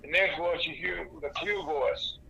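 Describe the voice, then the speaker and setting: Raspy-voiced male radio host. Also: on the high side, fairly even intonation, moderate pace, highs cut off, a crowd in the background. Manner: lists cities in a long greeting. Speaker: radio talk show host. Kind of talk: live call-in radio chat.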